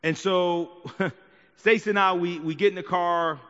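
Man, fairly high voice, preaching, conversational asides, long church reverb, muffled sound. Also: steady tone, unhurried, a bit bright. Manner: conversational preaching with frequent "right?" and "okay?" asides. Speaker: pastor. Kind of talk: sermon. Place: church sanctuary.

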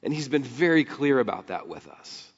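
A man preaching a sermon, animated and building to near shouts, quoting scripture and acting out the crowd's voices. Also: medium pitch, moderate pace, husky. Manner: animated, rising to near shouts on key points. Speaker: pastor. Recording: dull sound with long hall reverb.

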